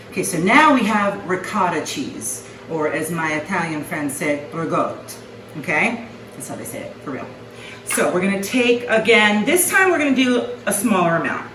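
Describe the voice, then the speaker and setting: A woman's voice: lowish voice, echoey room, far from the mic, noisy background. A middle-aged woman chatting casually as she demonstrates a recipe at home, folksy and talkative. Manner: chatty, folksy, says okay often. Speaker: home cooking vlogger. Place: home kitchen.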